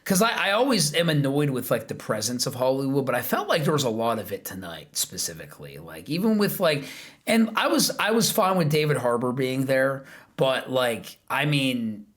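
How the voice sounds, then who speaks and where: Man, podcast host, lively pitch swings, rambling casual chat full of fillers. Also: moderate pace. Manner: rambling, heavy use of filler words.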